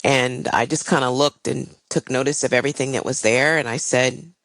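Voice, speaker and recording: A woman's voice: rumbling low, fairly even intonation, normal speed, fairly bright tone, dry recording, poor audio. An older woman, a guest and airline pilot, tells a personal story in a candid, reflective way with frequent fillers.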